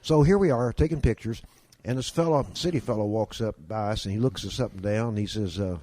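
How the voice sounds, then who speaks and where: Older man spinning yarns, dark voice. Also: on the low side, a little fast. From Kentucky. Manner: drawling yarn-spinner doing voices of people in his stories. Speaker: guest. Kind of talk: folksy storytelling.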